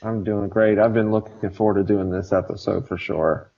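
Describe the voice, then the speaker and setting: Man, low mellow voice, relaxed podcast chat, slightly dull audio. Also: moderate pace, husky. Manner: relaxed, lots of "uh" fillers. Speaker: podcast co-host.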